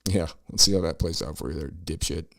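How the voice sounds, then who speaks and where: Talking fast in a low voice with a fairly bright tone, a middle-aged podcast host reacts to news clips. His political commentary is profane, full of sarcastic ranting and swearing, and the recording is dry.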